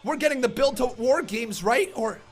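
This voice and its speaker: A man streaming a live reaction, shouting in frantic, excitable exclamations and shaking with excitement. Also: extremely high pitch, normal speed, faint music behind.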